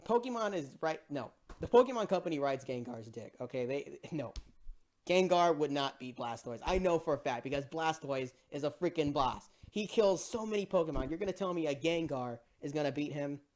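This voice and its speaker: An excitable movie reviewer rants casually, swinging the pitch up and down a lot. The talk is exasperated and full of swearing and repeated "bro". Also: brisk.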